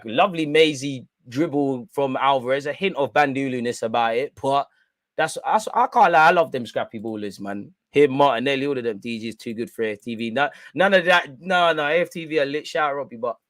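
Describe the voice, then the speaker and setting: A man's voice: medium pitch, animated, fairly quick, a bit bright, no room sound. A young man hosting a live football watch-along, chatting in slang straight to his viewers. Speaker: live stream host.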